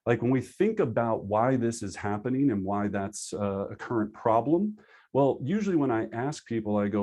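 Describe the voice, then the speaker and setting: A man teaching a live online class for real estate agents over a video call, energetic and conversational, acting out his students' excuses. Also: mid-range voice. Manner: acts out agents' excuses in quick asides. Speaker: real estate sales trainer.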